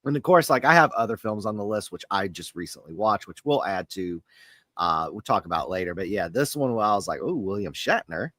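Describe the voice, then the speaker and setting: A man's voice: lowish voice, expressive, a little fast, pushed and bright, no room sound, clean studio sound. A man co-hosting a podcast, chatting casually about movies in a laid-back way, laughing often and swearing now and then. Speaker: podcast co-host.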